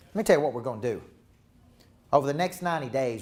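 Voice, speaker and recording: A man's voice: mid-range voice, fast talker, a little mellow. A man coaching managers at a live seminar, talking in an emphatic, repetitive, rallying way. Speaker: business coach. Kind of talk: live motivational seminar talk.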